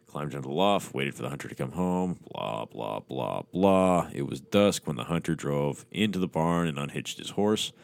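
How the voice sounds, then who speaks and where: A man with a very low voice reads a horror story aloud, breaking in with crude, mocking asides. The sound is close and dry, with no room around it. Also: expressive, normal speed, creaky, few pauses, no echo. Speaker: podcast host. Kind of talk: sardonic horror story reading.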